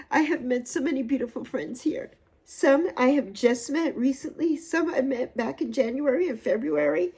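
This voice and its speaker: A woman's voice: sits high, darkish tone, husky. A woman in her sixties hosting a livestream, talking in an effusive, heartfelt way and repeating phrases for emphasis while still emotional. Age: 60s. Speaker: livestream host. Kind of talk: heartfelt casual livestream chat.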